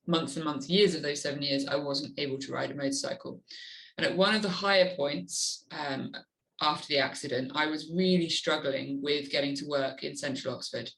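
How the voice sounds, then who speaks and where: A woman's voice: deep voice, creaky, poor audio. A woman guest in an interview, speaking earnestly and openly about coping with pain. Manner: earnest, animated when acting out her inner voice. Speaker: guest, adventure motorcyclist. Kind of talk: candid interview talk.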